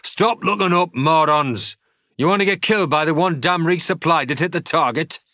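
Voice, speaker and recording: A man voicing a big, hot-tempered male sergeant who barks orders loudly and harshly. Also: fairly high pitch, normal speed, no room sound, studio quality, pitched above the performer's own voice. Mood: angry shouting. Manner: barking orders, loud and harsh.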